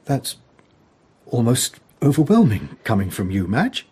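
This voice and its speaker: A genial, modest gentleman, husky and expressive. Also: medium pitch, measured pace, full character voice. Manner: mild, self-deprecating, genial. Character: man Gerald, modest and easygoing. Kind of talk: radio play acting.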